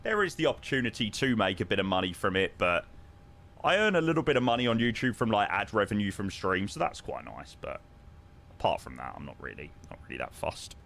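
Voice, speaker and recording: A young man streaming a flight simulator, chatting casually with viewers and making relaxed pilot radio calls with plenty of filler words. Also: lowish voice, a little fast, gravelly, slight background noise. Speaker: streamer flying a simulated airliner.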